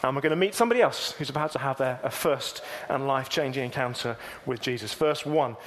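A man preaching a sermon, reading scripture aloud and then explaining it in a measured way. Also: mid-range voice.

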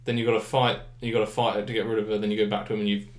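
A young man chatting casually about games, rambling with lots of fillers and clear enthusiasm. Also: on the low side, level tone, racing. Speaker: gaming podcast co-host. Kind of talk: casual chat. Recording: echoey room.

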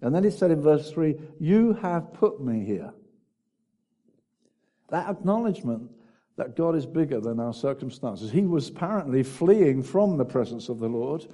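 A male preacher with a husky, mellow voice that is warm rather than bright. He swings from loud, emphatic cries down to quiet, confiding asides. His delivery is full of dramatic emphasis. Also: a little high, animated, moderate pace. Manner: swings between loud exclaiming and hushed, intimate asides. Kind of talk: sermon.

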